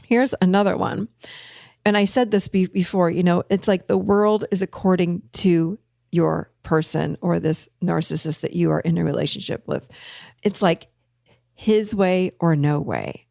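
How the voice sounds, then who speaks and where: Woman therapist, gravelly edge, dry close sound, chatty storyteller. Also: on the low side, unhurried, no room sound. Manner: storytelling, animated when quoting others. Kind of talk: casual talk.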